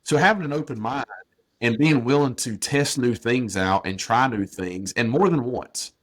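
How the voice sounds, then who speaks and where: A man's voice: medium pitch, moderate pace. A plainspoken man in his thirties, a business owner talking casually as a podcast guest, repeating points for emphasis. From North Carolina, US.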